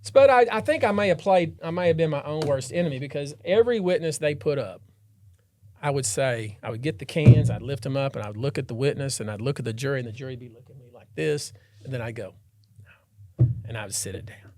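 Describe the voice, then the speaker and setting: A man hosting a podcast, a trial lawyer telling a story in an animated, dramatic way and acting out the scenes. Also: medium pitch, quick pace, slight background noise. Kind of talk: casual storytelling chat.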